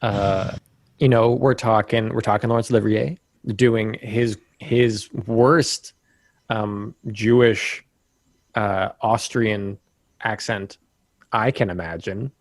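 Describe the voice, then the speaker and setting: A man's voice: on the low side, fairly even intonation, slow, no room sound. A man co-hosting a casual film discussion podcast, wry and fond of mock impressions of actors. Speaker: podcast co-host.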